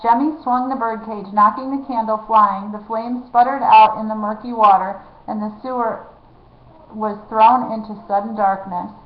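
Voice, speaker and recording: A woman's voice: on the high side, fairly even intonation, moderate pace. Woman reading a storybook aloud. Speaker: reader. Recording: echoey, dull lo-fi room.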